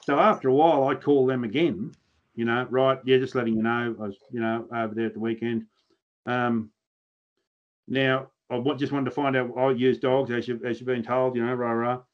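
A man's voice: medium pitch, fairly even intonation, moderate pace, lo-fi sound. An Australian man chatting as a podcast guest, telling blunt, earthy stories with mild swearing. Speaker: podcast guest, pig hunter. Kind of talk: casual podcast chat.

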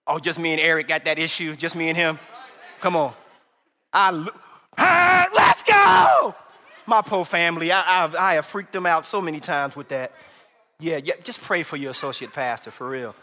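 A man preaching a sermon as associate pastor, animated and humorous, calling out to the congregation. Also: on the high side, brisk, big-room sound.

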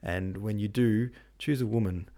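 A man's voice: on the low side, normal speed, warm tone, natural voice. Man playing a curt, bitter young prince. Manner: curt, sweary. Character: young prince, cold and irritable husband.

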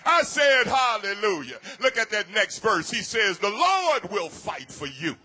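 A man preaching a sermon, shouting at the peaks and repeating words as he builds. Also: sits high, wildly swooping pitch, measured pace, husky.

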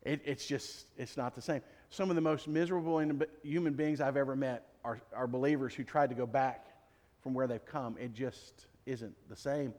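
In a big hall with a long, lingering reverb, a male pastor preaches conversationally, cracking jokes and firing off rhetorical questions. His voice sits at a medium pitch, steady and somewhat dark, at a normal speed.

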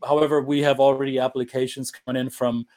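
A man's voice: mid-range voice, flat delivery, fast, darkish tone. A man from Germany with a German accent tinged by the US Upper Midwest and Southeast, chatting casually as an interview guest with playful, dry joking. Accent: German, with US Upper Midwest and Southeast traces. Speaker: guest, cultural coach.

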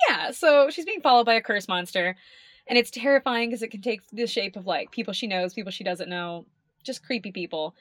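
A woman's voice: mid-range voice, fairly quick, a bit bright, no echo, clean studio sound. A young adult woman co-hosting a podcast in casual chat, rambling, swearing and laughing often. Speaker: podcast co-host.

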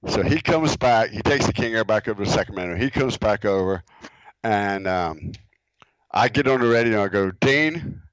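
A middle-aged man, a guest and former boss, telling a prank story in a halting, chuckling way. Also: lowish voice, smooth, no room sound. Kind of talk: casual anecdote telling. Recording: slightly muffled audio.

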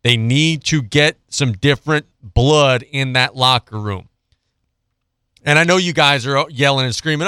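A man's voice: mid-range voice, a little slow, sharp tone, clear, resonant tone, dry recording, clean studio sound. A man hosting a sports radio show, ranting bluntly and sarcastically about a football team before reading out betting picks. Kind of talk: opinionated sports talk monologue.

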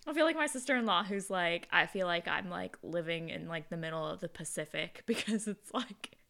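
A woman's voice: fairly low pitch, normal speed, gravelly, bright, forceful tone. A woman from Texas, co-hosting a podcast in casual chat, rambling, swearing freely and saying "like" constantly. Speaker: podcast co-host.

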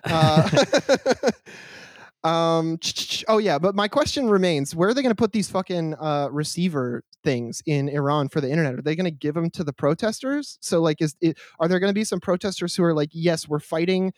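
A man's voice: on the high side, normal speed, no echo. A man co-hosting a podcast, riffing in casual political banter with lots of swearing and laughter. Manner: animated, profane riffing with frequent laughter. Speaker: podcast co-host.

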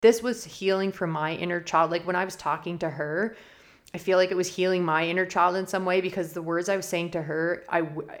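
A woman's voice: on the low side, fairly even intonation, fairly quick. A middle-aged woman podcast host giving a candid, rambling personal monologue, near tears at times. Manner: candid, emotional, rambling with many fillers and restarts. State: close to tears.

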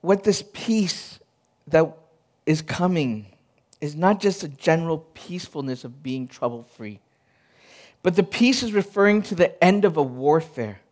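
Male pastor, thirties, high-pitched, earnest conversational sermon delivery. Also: animated, measured pace, darkish tone. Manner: earnest, personal storytelling with frequent restarts.

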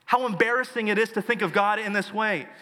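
A man's voice: high voice, fast, pushed and bright, in a large hall. A male pastor preaching a sermon, earnest and emphatic, building his points through lists.

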